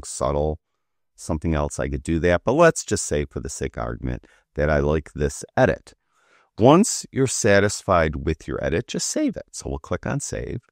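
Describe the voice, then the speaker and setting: A man walking through a software feature in a casual screen-recorded tutorial, talking while he clicks, with relaxed fillers. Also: extremely low pitch, no echo, studio quality.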